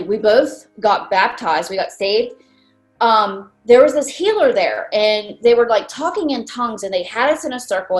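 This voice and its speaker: A woman from Maryland, a grieving mother, telling a personal story with many fillers and acted-out quotes. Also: medium pitch. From Maryland, USA. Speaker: guest, bereaved mother. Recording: roomy echo, faint music.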